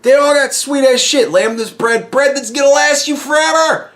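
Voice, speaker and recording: His voice sits at an extremely high pitch as he rants at normal speed on his own podcast. The host is animated and swears constantly throughout the loose, profane monologue.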